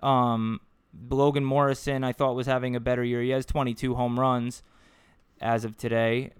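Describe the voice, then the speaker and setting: A man's voice: mid-range voice, little pitch movement, normal speed, clear, resonant tone, no echo. A man co-hosting a podcast in casual chat, joking and rambling and poking fun at himself. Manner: joking, rambling, self-mocking. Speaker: podcast co-host.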